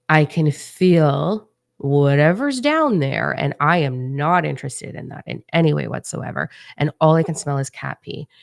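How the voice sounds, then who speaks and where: Woman with a deep raspy voice telling a story, chatty and animated, lots of "like", dry close sound. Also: dry recording. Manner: casual and animated, many "like" fillers. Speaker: spiritual channel host. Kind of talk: personal storytelling.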